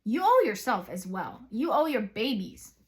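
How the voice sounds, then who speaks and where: A woman giving a psychic tarot reading to viewers, chatty and excitable, drifting into rambling asides and speaking straight to her audience. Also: a little high, moderate pace. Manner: addresses viewers directly. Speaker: psychic reader.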